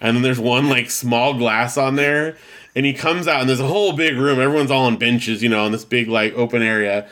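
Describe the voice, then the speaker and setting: A man co-hosts a podcast, telling stories in casual chat and laughing often. His mid-range voice is steady in tone, a bit bright, and slightly fast.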